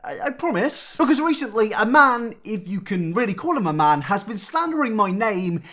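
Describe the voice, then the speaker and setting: Sarcastic young man, lively pitch. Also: normal speed. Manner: mock-angry, sarcastic, jumps between loud and hushed asides. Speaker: YouTuber. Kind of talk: satirical comedy rant.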